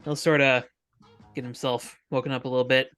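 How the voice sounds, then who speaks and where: A man's voice: medium pitch, flat delivery, a little fast, fairly bright tone, clean tone, faint music behind. A man playing a tabletop role-playing game, playful and joking in casual chat with the table. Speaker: tabletop player.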